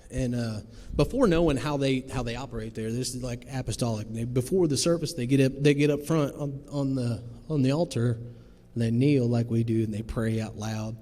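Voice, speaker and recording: A man's voice: medium pitch, a little fast, few pauses, dark tone. A man in his thirties giving a plain-spoken, earnest personal testimony to a recovery group, telling his story in folksy phrasing. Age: 30s. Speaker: testimony speaker. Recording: long hall reverb, faint noise.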